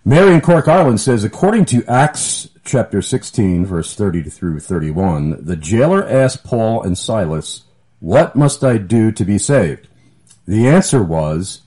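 Jovial low-voiced radio host man. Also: mellow. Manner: jovial, laughs often, fumbles for papers. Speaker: radio talk show host. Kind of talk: call-in radio talk.

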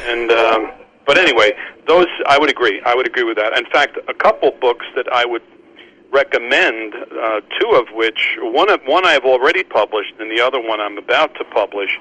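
Poor audio carries a medium-pitched male voice belonging to a podcast host who also publishes Christian books. Hosting a casual chat on Christian books, he talks haltingly with lots of restarts and repetitions, plus warm laughter.

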